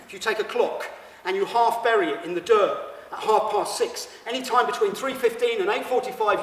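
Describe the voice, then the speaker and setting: A man performing a rambling theatrical monologue on stage, swinging from manic to hushed. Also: sits high, fairly quick, few pauses. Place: stage in a large hall. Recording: echoey hall recording from far off.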